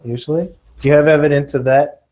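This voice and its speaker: A man from Kentucky teaching a class of students, lively and joking, often checking in with "okay?". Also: on the high side, quick pace, dull audio. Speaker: test prep teacher.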